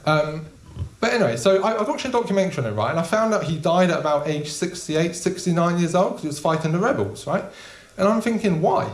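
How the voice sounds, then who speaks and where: A young man doing a stand-up comedy set in a small club, deadpan and casual with frequent ums. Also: high voice, fast talker, few pauses. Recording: echoey room.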